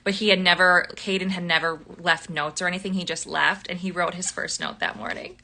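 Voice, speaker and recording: A young woman hosting a live book club, chatting animatedly about a novel, laughing often and filling pauses with ums. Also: lowish voice, pushed and bright. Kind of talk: casual book chat on a livestream.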